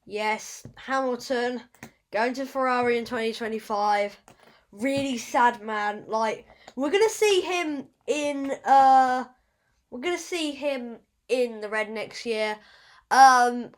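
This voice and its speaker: A woman hosting a casual podcast, rambling and fumbling over her words with self-deprecating asides. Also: on the high side. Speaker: podcast host.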